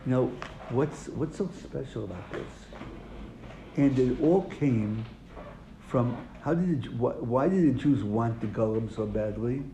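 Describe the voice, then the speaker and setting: Guy teaching a class, quizzes the room then answers himself, warm low tone, echoey room. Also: measured pace. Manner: questions his students, then answers. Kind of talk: classroom Torah lesson. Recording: echoey room, faint noise.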